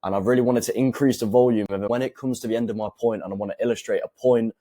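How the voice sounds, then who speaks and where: A young man giving fitness and self-improvement advice to camera, speaking calmly and deliberately with pauses for emphasis. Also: medium pitch, no echo. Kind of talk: direct-to-camera advice talk.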